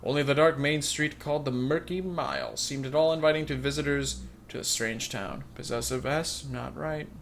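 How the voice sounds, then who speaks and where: A man's voice: mid-range voice, moderate pace, gravelly, few pauses, fairly bright tone, slight background noise. A man hosting a let's play, reading game text and making rambling, wry, joking asides in sarcastic commentary. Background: faint game music.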